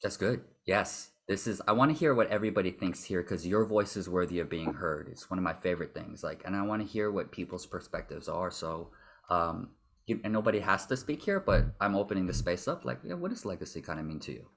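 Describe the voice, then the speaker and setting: A man leads a workshop as a vocal confidence coach. His voice is low and husky. He speaks in an animated way and acts out voices to show what he means. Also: brisk. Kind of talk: workshop talk.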